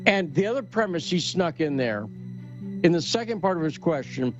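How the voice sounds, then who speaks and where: Brief: high-pitched male host, sarcastic and combative, muffled recording with music. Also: lively intonation, moderate pace. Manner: sarcastic, combative, rhetorical questions. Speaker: podcast host. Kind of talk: opinionated commentary chat.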